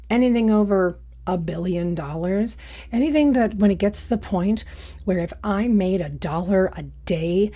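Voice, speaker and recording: A woman's voice: fairly low pitch, warm tone, breathy edge. A young woman doing casual reaction commentary in a sarcastic, mocking way. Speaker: YouTube commentator.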